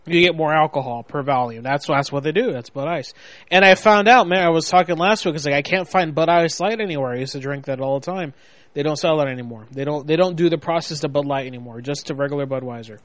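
A man's voice: on the high side, quick pace, fairly bright tone, no room sound. A man hosting a casual late-night show, rambling and telling stories in a laid-back way. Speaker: show host.

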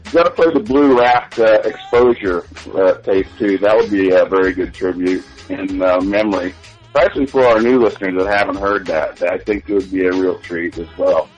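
A man's voice: deep voice, fairly quick, lo-fi sound, faint music behind. A man co-hosting a casual talk show, loose and full of fillers. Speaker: show co-host. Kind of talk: casual radio chat.

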